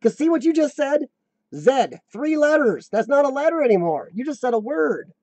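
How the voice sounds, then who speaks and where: A rambling, joking American man chats on his live stream, his voice pitched high with a mellow, dark edge. The sound is dry and close, with no room echo. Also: sing-song, normal speed. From United States. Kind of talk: casual live-stream chat.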